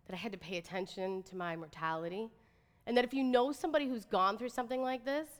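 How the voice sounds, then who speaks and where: A woman's voice: on the high side, quick pace. A woman in her thirties giving a chatty, inspirational talk to an audience, with lots of "like" and "right?". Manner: chatty, animated, says "like" and "right?" often. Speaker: motivational speaker. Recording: reverberant hall.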